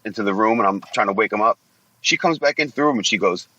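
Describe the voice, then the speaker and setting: A man's voice: lowish voice, quick pace, pushed and bright, lo-fi sound, a little hiss or hum. A man in his forties, a former wrestler guesting on a podcast, telling blunt, profanity-laced stories in a rambling, casual way. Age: 40s. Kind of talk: casual storytelling interview.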